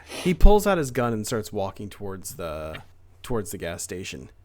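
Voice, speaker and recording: A man's voice: lowish voice, wildly swooping pitch, normal speed, darkish tone. A man running a tabletop game as game master, narrating the scene casually with fillers and restarts.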